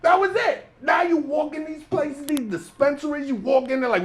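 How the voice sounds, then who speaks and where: High-voiced New stand-up comic. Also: male voice, normal speed, hardly any pauses. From New York. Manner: animated, acts out characters with loud outbursts. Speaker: stand-up comedian. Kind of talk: stand-up comedy set. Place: comedy club stage.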